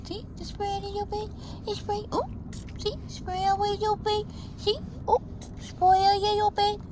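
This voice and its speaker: Very high-pitched cooing woman. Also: flat delivery, normal speed, background noise. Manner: cooing baby talk. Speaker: vlogger. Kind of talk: casual talk to her dog.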